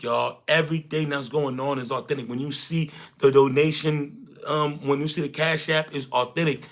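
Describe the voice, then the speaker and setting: A man's voice: fairly high pitch, a bit bright. A man hosting a livestream, rallying his viewers in a preachy way and repeating his phrases. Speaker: livestream host. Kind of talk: hyped motivational livestream chat.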